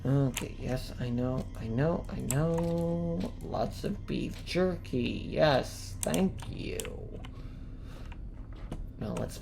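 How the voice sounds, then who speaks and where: Low-voiced woman ranting at a game. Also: lively intonation, very slow, vocal fry, a little mellow, slight background noise. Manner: swearing, ranting, rising angry outbursts. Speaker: streamer playing a video game. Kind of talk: casual gameplay commentary.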